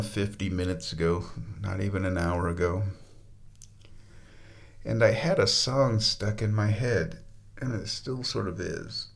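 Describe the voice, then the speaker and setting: A man in a bathtub, rambling casually and slipping into high baby-talk to his cat. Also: gravelly. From United States. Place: bathroom, sitting in a bathtub.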